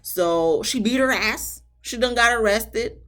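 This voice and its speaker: A woman's voice: fairly high pitch, measured pace, fairly bright tone. A woman giving a casual, slangy recap of a reality show episode, talking straight to her viewers. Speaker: TV show reviewer.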